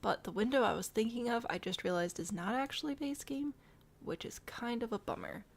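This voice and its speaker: A woman's voice: fairly high pitch, brisk, vocal fry, slight background noise. Brief: young woman from the Midwest, game streamer, chatty and self-mocking, talks to herself while she builds, keys typing behind. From American Midwest.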